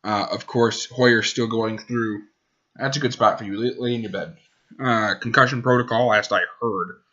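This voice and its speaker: A man's voice: mid-range voice, steady tone, normal speed, pushed and bright, muffled recording. A man hosting a casual sports podcast, rambling and correcting himself as he goes. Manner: rambling, self-correcting, talks to his dog. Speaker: podcast host.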